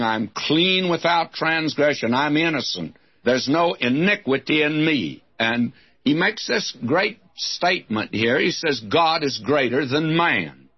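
A man preaching a verse-by-verse sermon. He talks slowly, with a lively pitch that rises on key points. He reads scripture with emphasis and adds folksy asides, and the recording is a dull, muffled radio-style one. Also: husky. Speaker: Bible teacher. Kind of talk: expository sermon.

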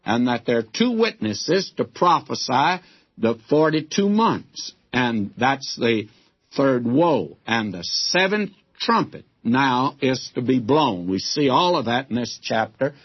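A man's voice: mid-range voice, very animated, slow pace, slightly rough. An older man teaching the Bible in a folksy, emphatic way, calling his listeners friends, on a dull old broadcast recording.

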